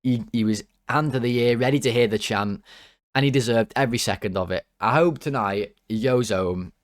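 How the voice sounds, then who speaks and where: A man's voice: mid-range voice, normal speed, dry recording, studio quality. Jokey man rating football players. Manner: excitable, jokey and rambling. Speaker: football fan channel host. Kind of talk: casual player-ratings commentary.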